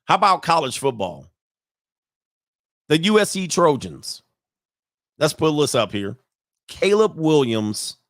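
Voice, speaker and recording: A man hosting casual sports commentary, animated and laughing often, with sudden high-pitched outbursts. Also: slow pace, long pauses, no echo, clean studio sound.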